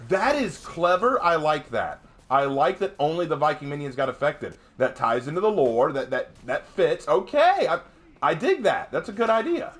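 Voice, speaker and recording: A man streaming gameplay, reading chat aloud and thinking out loud as he plays, chatty and quick to laugh. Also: fairly high pitch. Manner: chatty, excitable, laughs often, talks to himself. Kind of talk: live gameplay commentary.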